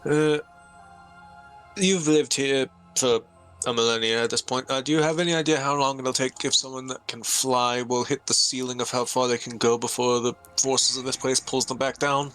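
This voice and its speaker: A man's voice: mid-range voice, fairly even intonation, moderate pace, fairly bright tone, clear, resonant tone, soft background music. A man playing a tabletop game, talking hesitantly about his character's actions. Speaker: player. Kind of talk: tabletop role-play talk.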